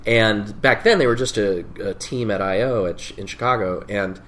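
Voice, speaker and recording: A middle-aged man on a podcast talks in a fairly low voice. He stops and restarts often and fills gaps with "uh" as he recounts past work. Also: a bit bright, a little hiss or hum. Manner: halting, many fillers and restarts. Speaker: guest. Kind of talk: casual conversational interview.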